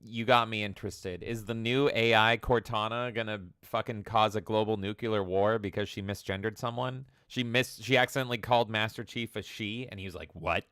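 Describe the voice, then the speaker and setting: Canadian man ranting, bright voice. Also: fairly low pitch, fairly even intonation, fairly quick, few pauses, clean tone, no room sound, clean studio sound. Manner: ranting, sarcastic, swears freely. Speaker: podcast co-host. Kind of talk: casual chat.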